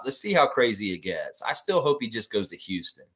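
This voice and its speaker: A man's voice: fairly low pitch, very animated, fairly quick, fairly bright tone, slightly rough. A man hosting a casual fan livestream, ranting freely and swearing as he talks. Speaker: basketball livestream host.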